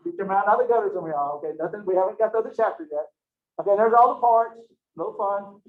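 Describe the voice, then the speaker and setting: A man's voice: high voice, quick pace. A middle-aged man teaching an anatomy class, joking and telling folksy stories. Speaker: anatomy instructor. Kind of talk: classroom lecture. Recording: far-off, echoey, phone-like lecture recording.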